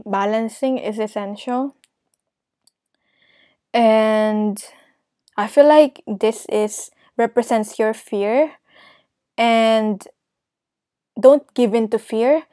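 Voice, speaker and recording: A woman's voice: fairly high pitch, dark tone, no room sound. A woman giving a casual tarot reading, talking straight to the viewer with lots of laughter and reassuring "okay?"s, moved close to tears. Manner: emotional, laughs often, talks to viewer directly. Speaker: tarot reader.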